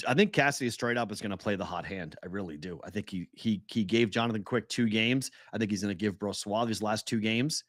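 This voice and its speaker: A low-pitched man talking sports in a casual, animated way, often laughing through his stories. The sound is dry and close, with no room around it. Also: no echo. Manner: chatty, laughing, animated retellings. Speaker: sports betting podcast co-host.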